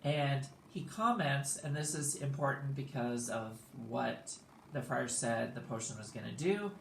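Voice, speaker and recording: A man's voice: medium pitch, animated, a little slow, gravelly, slight background noise. Laid-back male teacher recapping a play; echoey room. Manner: casual, explanatory, with fillers.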